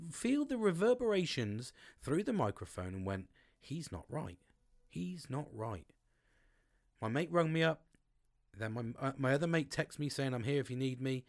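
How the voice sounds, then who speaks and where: A man hosting a podcast in a casual monologue, swearing freely and letting his voice swing with feeling. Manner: swears often, expressive swings in pitch. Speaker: podcast host. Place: home, outdoors on a sunny afternoon.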